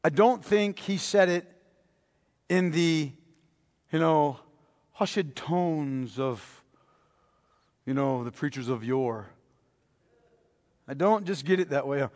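A male preacher giving a sermon, emphatic and repeating key phrases, swinging between loud and hushed delivery. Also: a little high, slow pace, pauses often. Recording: long reverb of a large hall.

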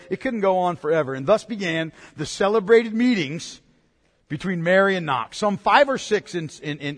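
High-voiced man lecturing casually on history. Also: in a large hall. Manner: casual, animated storytelling with fillers like "man" and "you know".

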